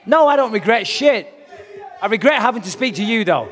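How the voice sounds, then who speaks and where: A man at a press conference, taunting and swearing with cocky swagger. His voice sits high for a man. It rings out with a long reverb, as in a big hall. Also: very animated, fairly quick, some chatter behind. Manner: brash, profane, taunting. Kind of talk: trash talk at a press conference.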